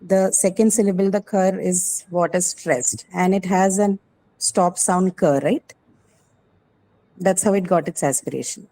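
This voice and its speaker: Woman, teacher, online class, patient explainer, warm tone. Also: on the low side, unhurried, low-quality recording. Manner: patient, explanatory, often checks with "right?". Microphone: video call.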